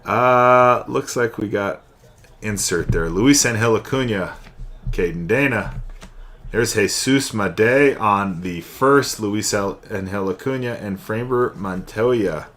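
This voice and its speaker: Slow and lowish, this young man's slightly bright voice guides a live card break stream. He chats with viewers and calls out every card he pulls.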